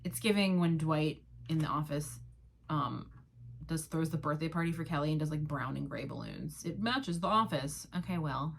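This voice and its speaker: A young woman talks through a TV episode on her own podcast, dry and sarcastic, swearing freely. She slips into quick mocking voices for the characters, and her speaking voice sits on the low side for a woman. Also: gravelly, a little hiss or hum. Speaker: podcast host. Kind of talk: casual solo recap chat.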